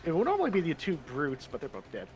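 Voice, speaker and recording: A man acts as game master for a tabletop game, with a slightly high voice. He gives his rulings in a relaxed, matter-of-fact way. Faint music plays behind him. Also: fast talker.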